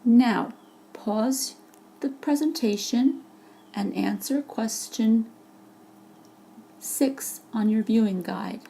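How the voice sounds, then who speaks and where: Slow gravelly woman teaching vocabulary. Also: fairly high pitch, mellow. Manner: slow, patient, explaining with examples. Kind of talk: vocabulary lesson narration. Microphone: voice-over for a slide presentation.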